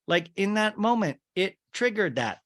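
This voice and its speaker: Animated chatty man hosting a podcast. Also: sits high, moderate pace. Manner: chatty, sarcastic, addresses listeners as "you guys". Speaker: podcast host. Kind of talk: casual recap commentary.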